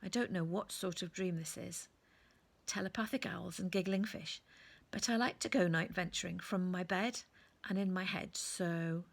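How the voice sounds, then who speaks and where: A bold, curious young boy in a storybook, as a woman reading aloud puts him on. His voice rises high and stays a little gravelly and husky. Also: normal speed. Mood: wary. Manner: blunt, wondering.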